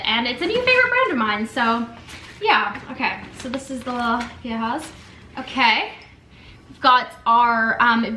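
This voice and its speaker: A woman's voice: a little high, sharp tone, slight background noise. A young woman vlogger chatting casually while unboxing gifts, gushing and emotional, with lots of fillers and a tearful edge. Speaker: lifestyle vlogger. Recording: echoey room with faint ambience.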